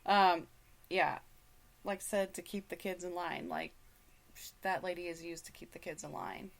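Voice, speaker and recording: A woman's voice: lowish voice, fairly even intonation, normal speed, vocal fry. A middle-aged woman hosting a casual radio chat, rambling with many fillers and restarts. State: hiccups. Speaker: radio show host.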